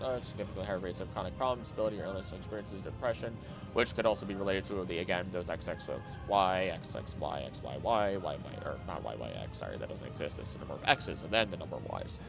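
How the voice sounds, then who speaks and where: A man streaming casually, skimming text aloud quickly with mumbled filler and breaking into loud, heated rants. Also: deep voice, lively intonation, gravelly, music in the background. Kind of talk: casual live-stream chat, reading aloud.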